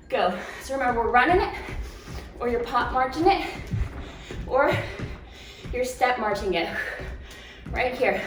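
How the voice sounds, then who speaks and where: A woman leading a follow-along home workout, cueing moves, counting down and encouraging, a little out of breath at times. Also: high voice. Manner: encouraging cues with counting and laughs. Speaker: fitness instructor. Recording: very echoey room, distant mic, faint noise.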